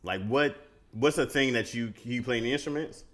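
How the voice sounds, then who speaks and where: A man's voice: medium pitch, a bit bright. A man hosting a casual podcast, teasing his co-host and joking about cold-reading scripts. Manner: playful, teasing, quick jokes.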